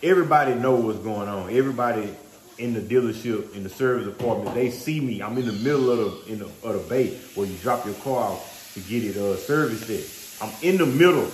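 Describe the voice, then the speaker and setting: A man's voice: on the low side, a little fast. Man, vlog host, casual slangy storytelling, echoey room, faint noise. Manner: animated, conversational, slangy.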